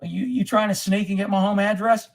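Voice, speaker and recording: A middle-aged man with a notably high voice rants to his livestream chat. He swears freely and gets heated as he answers viewers, in a casual off-the-cuff way. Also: flat delivery, brisk, vocal fry. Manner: profane and heated, reacting to chat. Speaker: livestream host.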